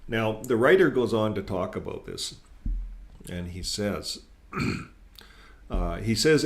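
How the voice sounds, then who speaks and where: A man hosting his own channel, talking casually and earnestly, reading and commenting on articles, often repeating words and using fillers. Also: fairly low pitch. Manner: earnest, critical, grows emphatic when quoting. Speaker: channel host.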